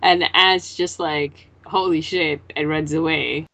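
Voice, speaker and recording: A woman's voice: sits low, fairly even intonation, measured pace, creaky, fairly bright tone. A woman in a casual podcast chat, recapping a manga chapter and acting out the characters' lines as she swears casually. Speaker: podcast co-host.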